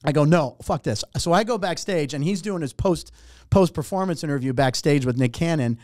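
A middle-aged man, a comedian and warm-up host, telling an animated, profane story and acting out other people's lines. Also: a little high, fairly quick, dry recording, clean studio sound. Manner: animated, profane, acts out other voices in anecdotes. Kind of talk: casual storytelling.

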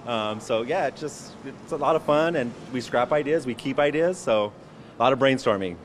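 A man's voice: mid-range voice, normal speed, a little hiss or hum. A man working as a stadium concessions chef, speaking eagerly and plainly in an on-location TV interview.

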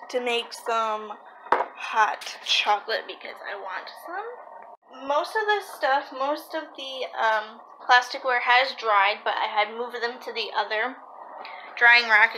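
A woman's voice: on the high side, bright, forceful tone, a little hiss or hum, rough recording. A woman vlogging casually from her home kitchen, rambling and correcting herself as she talks. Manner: chatty, rambling, self-correcting. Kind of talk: casual vlog narration.

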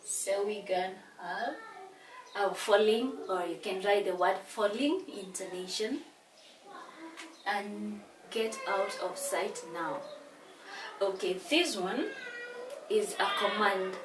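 A woman's voice: medium pitch, slow. A woman teaching an exam-prep English lesson, explaining each answer step by step and giving the reason. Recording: echoey room from far off, with noise.

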